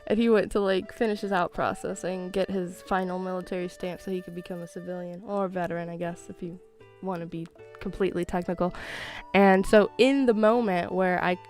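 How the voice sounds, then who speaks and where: A young woman streamer telling a long story in a casual, animated way, full of fillers and quick laughs. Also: on the low side, faint music behind. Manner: animated, chatty, many fillers, laughs often. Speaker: gaming streamer.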